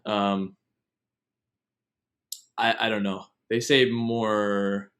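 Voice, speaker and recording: A young man with a slightly low-pitched voice chatting on a podcast. He rambles from one story to the next in a relaxed, digressive way. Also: very slow. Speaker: podcast host. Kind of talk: casual chat.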